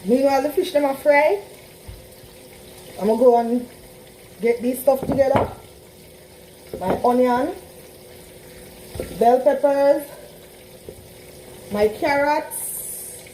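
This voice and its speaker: A woman's voice: high-pitched, takes it slowly, pauses often, dark tone, a little hiss or hum, poor audio. A woman with a Trinidadian accent cooking in her home kitchen, chatting straight to her viewers in a casual vlog. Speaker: home cook vlogger. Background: frying and sizzling in a pan.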